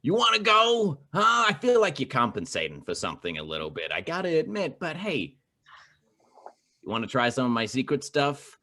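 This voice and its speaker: A man's voice: mid-range voice, sing-song, a little fast, fairly bright tone, a little hiss or hum, pitched above the performer's own voice. A man voicing his character, a scrappy trench-coated male trickster with a cocky, taunting manner.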